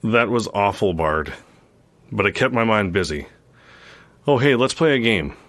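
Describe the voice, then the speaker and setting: Stranded astronaut played by a man: low, understated, bone-dry deadpan. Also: a little slow. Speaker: podcast host.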